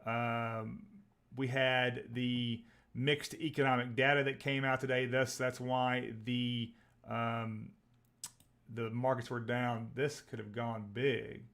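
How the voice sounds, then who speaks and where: Excitable man calling out stock tickers. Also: mid-range voice, slow. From Texas. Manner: rambling, excitable, reads out tickers. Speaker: livestream trading host. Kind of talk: live stock trading commentary.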